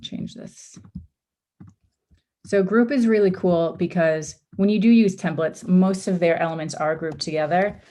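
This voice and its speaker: Female workshop instructor, mellow low voice, slightly strained from losing it, relaxed step-by-step screen-share teaching. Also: normal speed, few pauses. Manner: casual, step-by-step, with frequent ums and oopses. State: losing her voice. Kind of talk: live screen-share design tutorial.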